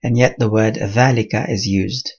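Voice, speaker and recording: A man teaching a Quran commentary lesson in a measured, explanatory way, with Arabic terms mixed into his English. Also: lowish voice, fairly even intonation, darkish tone, husky, muffled recording.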